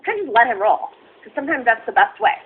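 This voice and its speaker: A woman's voice: on the high side, big pitch swings, quick pace, breathy edge. A woman hosting a talk show interview, hesitant and meandering, with many fillers. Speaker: host. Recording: tinny phone-like sound.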